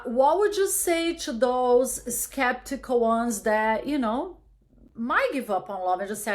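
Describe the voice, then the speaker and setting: A woman's voice: a little high, expressive, a little slow. A woman hosting an interview podcast in casual chat, talking candidly and emphatically with the odd swear word. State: widowed. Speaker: podcast host.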